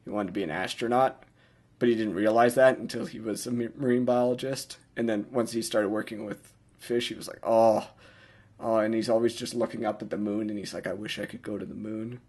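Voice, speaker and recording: A man's voice: fairly low pitch, fairly even intonation, fairly quick, darkish tone. A young man giving a casual, self-mocking director's commentary, rambling with lots of filler words.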